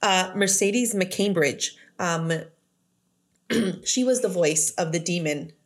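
A woman's voice: on the low side, slow pace. A woman co-hosting a casual podcast, recapping a horror film with lots of laughter and swearing. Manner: laughs often, loose and profane. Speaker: podcast co-host.

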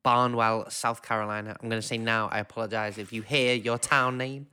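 A man's voice: fairly low pitch, flat delivery, fairly quick, pushed and bright, clear, resonant tone. A man co-hosting a podcast in casual chat, dry and joking, laughing often. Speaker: podcast co-host.

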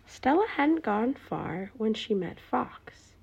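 Woman reading a bedtime story, slow and whispery, kinda high and husky. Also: sing-song, dull audio. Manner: hushed, often whispering.

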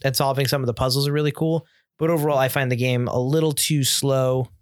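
A man's voice: mid-range voice, steady tone, quick pace, clear, resonant tone, dry recording. Opinionated man in dry casual chat. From United States. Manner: opinionated, rambling with restarts. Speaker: podcast co-host. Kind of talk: casual chat about video games.

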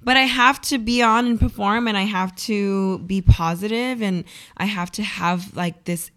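A woman's voice: mid-range voice, a little slow. A young adult woman co-hosting a morning radio show, telling stories in a casual, chatty way with lots of fillers. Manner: chatty, animated storytelling with many fillers. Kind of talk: casual chat. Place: radio studio.

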